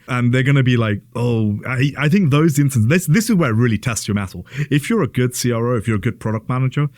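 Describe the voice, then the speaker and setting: A man's voice: mid-range voice, darkish tone, no room sound, clean studio sound. A man co-hosting a podcast, explaining his views in a thoughtful, casual way. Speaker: podcast co-host. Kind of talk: casual conversation.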